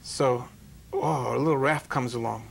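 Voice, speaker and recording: A man who is a rabbi leads a television talk show, speaking in a warm storytelling cadence at an everyday pitch. His delivery is sermon-like, with folksy jokes and parables. A faint hum of ambience sits under his voice. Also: unhurried, vocal fry. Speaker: rabbi hosting an interview show.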